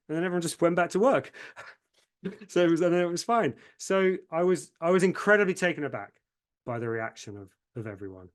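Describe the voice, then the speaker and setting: A man, an agency founder talking as an interview guest, tells his story with real animation. His voice sits a touch higher than most men's, and he doubles back on words when moved, acting out what others said in the moment. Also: brisk. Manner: lively, repeats words when moved, acts out quotes.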